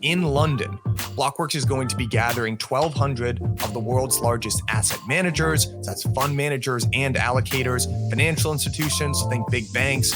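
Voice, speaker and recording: An upbeat man reads a conference promo in a salesy tone. A loud music bed plays right under his voice the whole time. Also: mid-range voice, normal speed. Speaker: ad announcer. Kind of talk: read promotional ad.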